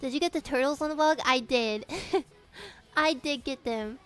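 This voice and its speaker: High-voiced giggly young woman streamer. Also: moderate pace, soft background music. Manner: giggly and profane, reading chat questions aloud. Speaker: streamer chatting with viewers. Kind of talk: casual live-stream chat.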